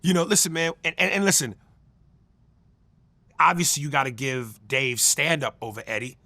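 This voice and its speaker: A man comedian in a casual interview, talking loud and profane and slipping into accent impressions. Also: a little high, moderate pace, dry recording. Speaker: comedian guest.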